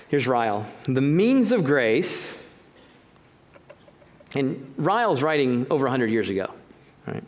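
A man delivers a teaching sermon with a somewhat high voice. He is emphatic and conversational, drawing out key phrases slowly for stress. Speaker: preacher.

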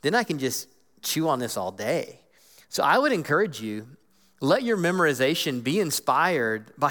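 A man giving an earnest, animated teaching talk about Bible reading, acting out inner voices as he goes. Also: a little high. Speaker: guest speaker on Scripture. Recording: long hall reverb.

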